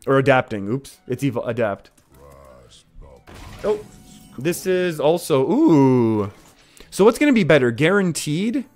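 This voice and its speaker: A man's voice: medium pitch, big pitch swings, a little slow, pauses often, a little mellow, faint music behind. A young Canadian man with an English Canadian accent, casually commentating a card game and reading viewer comments, laughing often. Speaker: streamer.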